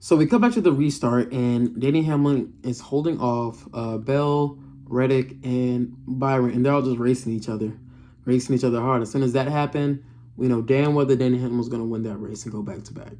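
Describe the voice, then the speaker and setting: A man's voice: mid-range voice, fairly quick, warm tone. Young male reviewer, frustrated off-the-cuff rant full of slang and swearing. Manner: frustrated, slangy, profane, repeats himself. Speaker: race reviewer. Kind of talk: casual rant to camera.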